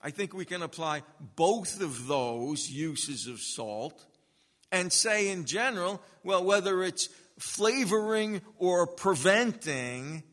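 A pastor preaching an expository sermon, earnest and measured, stressing key words through repetition. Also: male voice, high voice, animated, a bit bright, long reverb tail.

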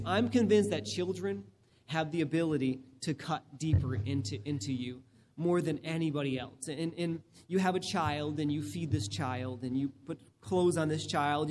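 A male pastor giving a sermon in a conversational, animated way, often checking in with the congregation. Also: on the high side, big-room sound, slight background noise. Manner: acts out scenarios in other people's voices.

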